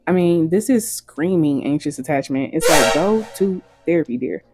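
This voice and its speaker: A woman's voice: low voice, expressive, normal speed, loud music behind the voice. A woman hosting opinionated commentary, speaking bluntly and frankly with casual profanity. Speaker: host.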